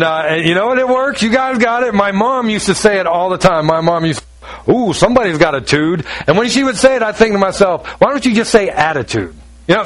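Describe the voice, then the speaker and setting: A man's voice: high voice, fairly bright tone, rough recording. A man preaching a sermon in an emphatic, conversational way, asking rhetorical questions and acting out the people he quotes. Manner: acts out quoted voices. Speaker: pastor.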